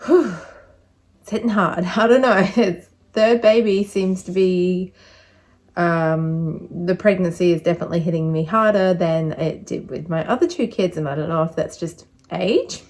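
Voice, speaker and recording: This young woman's vlog update is chatty and rambling, full of fillers, and she's a little out of breath. She speaks at normal speed in a lowish voice with a darkish tone.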